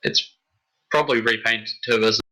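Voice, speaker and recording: A man's voice: fairly low pitch, fairly even intonation, moderate pace, pushed and bright, low-quality recording. A man playing a tabletop game, chatting casually with eager questions. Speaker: player.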